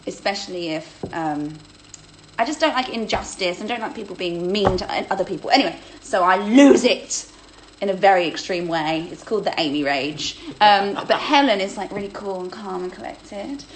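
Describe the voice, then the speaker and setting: A woman talks through a phone, chatty and self-deprecating as she reads out viewer questions. Her voice sits at an ordinary middle pitch, with a faint hiss of noise behind it. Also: expressive, normal speed. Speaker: host of a livestream Q&A. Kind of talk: casual chat, reading out viewer questions.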